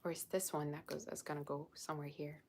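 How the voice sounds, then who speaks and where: A woman's voice: low voice, level tone, fast talker, a little mellow. A woman hosting a casual tarot livestream, talking straight to her viewers in an effusive, gushing way, on a built-in device mic. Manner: effusive, gushing and emotional while unboxing gifts. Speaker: tarot reader livestream host. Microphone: built-in device mic, no proper microphone.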